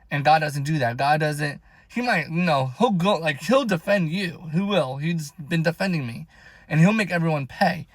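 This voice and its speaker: A man's voice: a little high, a little fast, no room sound. Rambling young man with a dry sound. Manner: rambling, emotional, heavy use of "like". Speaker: vlogger. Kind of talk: casual personal faith talk.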